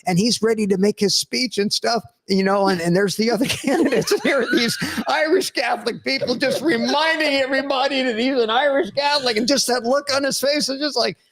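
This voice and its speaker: An older man with a fairly high voice spins stories on a live podcast. He is a retired school principal, animated and quick to laugh as he tells them. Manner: animated storyteller, laughs through anecdotes. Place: studio.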